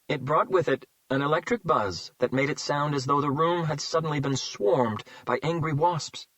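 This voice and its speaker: A man reading a crime thriller audiobook in a measured, tense narration. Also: mid-range voice, a bit bright, no room sound, rough recording. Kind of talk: scripted narration.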